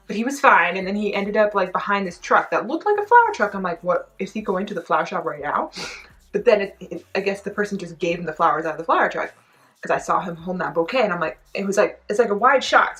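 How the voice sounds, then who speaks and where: Excitable woman vlogger, bright voice, shrieks and curses through rambling reaction commentary, faint music behind. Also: medium pitch, poor audio. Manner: excitable, shrieks and exclaims, swears freely; rambling, filler-heavy storytelling.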